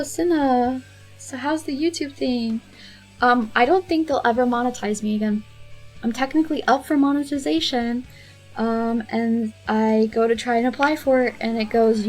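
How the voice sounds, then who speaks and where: Chatty female streamer, casual and rambling, pitched a bit high, soft music in the background. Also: normal speed. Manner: chatty, rambling, many fillers and laughs. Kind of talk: casual chat with chat while drawing.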